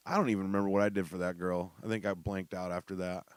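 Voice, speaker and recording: A man's voice: low-pitched, little pitch movement, fast talker, clear, resonant tone, dry recording. A man hosting a podcast, casually telling profane, joking work stories. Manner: profane, joking, laughing asides. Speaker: podcast host. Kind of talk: casual storytelling.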